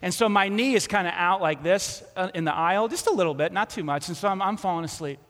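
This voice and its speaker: A man preaching a sermon as pastor, telling a story with lively acted-out quotes. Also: high voice, fast talker, long reverb tail.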